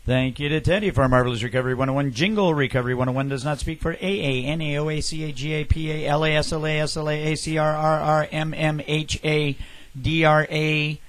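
A man's voice: a little high, fairly even intonation, fast, few pauses, no echo. A man hosting a recovery-themed podcast, joking around in casual chat with his co-hosts. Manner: joking, playful, breaks into goofy singing. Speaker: podcast host.

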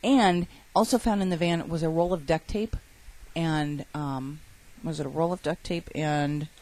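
A woman's voice: low-pitched, steady tone, a little slow, a little mellow. Casual woman reading podcast news. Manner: reads stories with self-corrections.

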